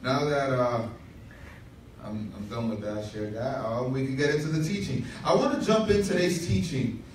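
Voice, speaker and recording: A man's voice: medium pitch, moderate pace, a little hiss or hum. A man pastor telling a humorous story in a sermon, with asides to the congregation. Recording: echoey room from far off.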